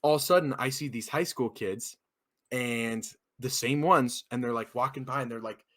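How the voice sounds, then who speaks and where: A man's voice: mid-range voice, moderate pace. A young man on a casual podcast, telling a story with lots of swearing and acting out what people said. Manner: animated storyteller, swears a lot, acts out quotes. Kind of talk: casual chat.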